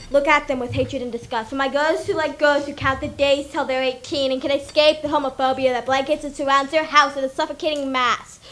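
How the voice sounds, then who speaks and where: Earnest high-voiced woman reciting poetry. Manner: earnest, steady repeating refrain. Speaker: slam poet. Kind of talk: spoken word poetry performance.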